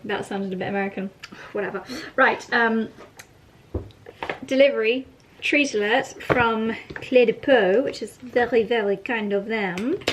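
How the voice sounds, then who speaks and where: A woman's voice: on the high side, a bit bright, low-quality recording. A woman chatting casually to camera at home in a playful, giggly way. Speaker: lifestyle vlogger. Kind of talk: casual vlog chat to camera. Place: at home indoors.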